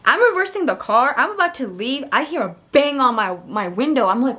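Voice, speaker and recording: Young woman, higher-pitched voice, casual storytime vlog, rambling, self-mocking. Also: brisk. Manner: chatty and digressive, laughs at herself; animated when retelling arguments. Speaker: vlogger.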